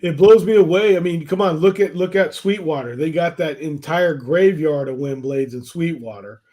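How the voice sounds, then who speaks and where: A man's voice: on the high side, moderate pace, warm tone. Rambling, filler-heavy male podcast co-host. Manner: rambling, storytelling, many fillers. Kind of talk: casual chat.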